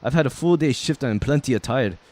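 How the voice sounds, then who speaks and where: A man voicing a gruff, tired dwarf foreman in a tabletop game. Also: medium pitch, lively intonation, quick pace, a little mellow, no echo, lightly acted. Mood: grumpy.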